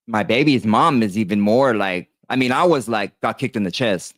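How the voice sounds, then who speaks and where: A man's voice: on the low side, unhurried, a bit bright, dry recording. Man rambling through a personal story. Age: 30s. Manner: rambling, many fillers and restarts, addresses viewers directly. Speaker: tattoo artist telling his story. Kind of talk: casual storytelling monologue.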